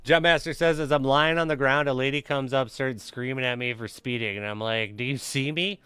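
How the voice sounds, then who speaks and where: A man's voice: medium pitch, fairly even intonation, brisk, bright, forceful tone, clean tone, no room sound. A young man streaming a game, chatting casually with viewers, reading names from chat and telling crude, joking stories. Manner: loose, profane, joking storyteller reading chat.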